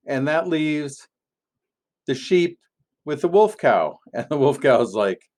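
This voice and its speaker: A man, a pastor, giving a gentle, playful family sermon in an object-lesson style, with many pauses as he tells a story. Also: medium pitch, lively intonation.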